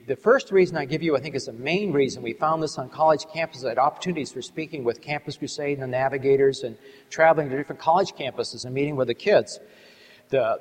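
A middle-aged man preaching to an audience, telling a story in an earnest, measured way and slowing down to stress key words. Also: fairly high pitch. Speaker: Christian ministry speaker. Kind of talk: sermon with a storytelling testimony. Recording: long hall reverb.

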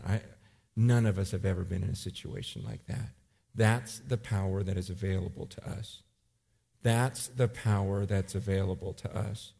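A man in his forties preaching a sermon, telling a story with animated swings between loud urgency and quiet intensity. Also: sits low, normal speed, vocal fry, breathy edge. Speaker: pastor.

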